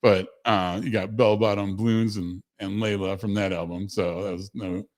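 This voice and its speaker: A man's voice: fairly low pitch, little pitch movement, normal speed, darkish tone. A man hosting a casual livestream, rambling conversationally with self-corrections and answering chat messages. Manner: reads chat messages aloud to viewers. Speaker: host of a livestream show.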